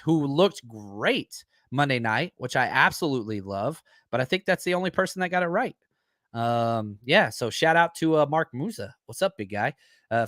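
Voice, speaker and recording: A man hosts a live-streamed sports show, talking in a loose, animated way and thinking aloud between points. His voice sits a bit high for a man. The recording is dry and close, with no room sound. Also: no room sound. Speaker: podcast host.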